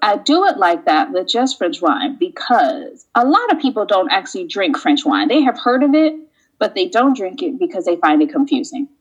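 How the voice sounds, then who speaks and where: A woman being interviewed about wine, telling relaxed stories and acting out little exchanges. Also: mid-range voice, moderate pace, breathy edge, muffled recording. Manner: relaxed storyteller, acts out quoted exchanges. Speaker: guest, wine educator. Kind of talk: casual interview conversation. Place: lives in France.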